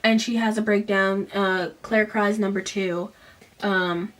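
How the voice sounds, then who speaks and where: A woman's voice: medium pitch, fairly even intonation, takes it slowly, a bit bright, recorded from a distance, a little hiss or hum. A young woman giving a casual book recap, chatty, full of "um" and "like", with sarcastic asides.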